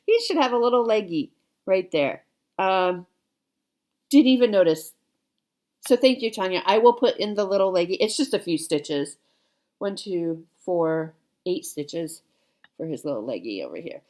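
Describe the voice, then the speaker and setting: Woman, forties, fairly low voice, chatty, rambling, casual vlog talk from home. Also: expressive, unhurried, pauses often, darkish tone. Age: 40s. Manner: chatty and rambling, with many fillers and self-corrections. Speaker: cross-stitch vlogger. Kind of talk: casual chat to viewers.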